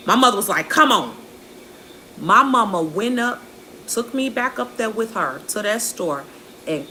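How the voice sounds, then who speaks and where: A young woman tells a story straight to camera, sassy and profane, calling the listener honey. Her voice is bright and a touch high. A faint hiss of noise sits under her speech. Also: low-quality recording. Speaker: vlogger. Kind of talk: casual storytelling rant.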